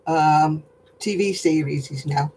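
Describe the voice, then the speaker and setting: A man's voice: a little high, slow, darkish tone, breathy edge, rough recording. An older man hosting a casual livestream chat, talking in a rambling, chatty way and laughing often. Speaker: host.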